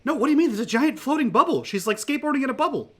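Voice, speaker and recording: A man voicing a frantic, excitable young male character in a tabletop game, shrill and urgent. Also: very fast, heavily acted. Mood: insistent.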